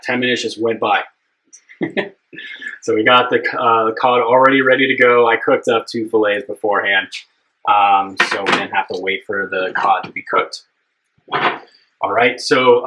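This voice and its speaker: A man's voice: fairly low pitch, pushed and bright, low-quality recording. A young man hosting a live cooking stream, chatting casually and upbeat with his viewers, rambling with plenty of fillers.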